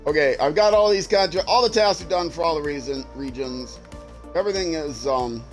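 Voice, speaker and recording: A man's voice: on the high side, fairly quick, faint music behind. A middle-aged man with a Minnesota accent, tired and rambling through live gameplay commentary, chatty and self-mocking, tripping over his words. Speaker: game streamer.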